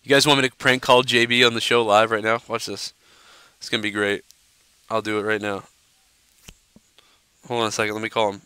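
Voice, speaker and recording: A man hosts a live stream, rambling and cursing freely with constant fillers. His voice is bright and forceful, smooth and clear. The sound is dry and close to the mic. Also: on the low side, little pitch movement, a little fast, pauses often, dry recording. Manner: profane, rambling, lots of "you know". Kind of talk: casual live-stream rant.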